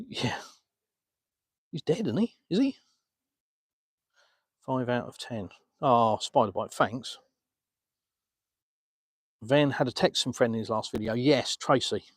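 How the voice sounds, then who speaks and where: A man's voice: on the low side, no echo. Chatty Englishman streaming live from a beach. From England. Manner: chatty, reads and answers viewer comments. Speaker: vlogger answering live chat. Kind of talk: casual live stream chat. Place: outdoors on a beach.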